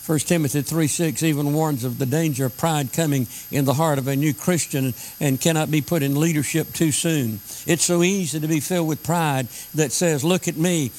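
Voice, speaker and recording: A man preaching a sermon, slowing down to stress scripture lines. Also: a little high, a little mellow, a little hiss or hum, poor audio. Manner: emphatic, slows down to stress scripture.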